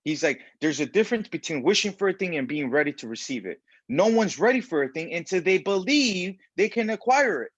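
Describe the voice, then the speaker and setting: A man giving a motivational self-help talk in a preachy, animated way, acting out the voices of people he quotes. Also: sits high, brisk, hardly any pauses, husky, no room sound. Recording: dull lo-fi sound.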